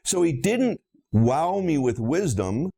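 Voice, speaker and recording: A man's voice: fairly high pitch, big pitch swings, takes it slowly, gravelly, mellow, husky. A middle-aged man, a dentist, lecturing bluntly on practice finances with emphatic storytelling and rhetorical questions.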